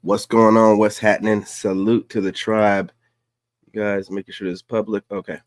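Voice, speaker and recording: A man's voice: lowish voice, level tone, normal speed, no echo, studio quality. A man hosting a casual livestream, reacting to clips in slangy, hyped streamer talk. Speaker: livestream host.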